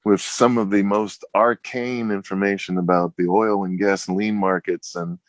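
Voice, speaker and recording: A man who appears as a regular guest on a radio show, speaking in an easygoing, halting way with fillers. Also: on the low side, steady tone, no room sound. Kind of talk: casual radio talk.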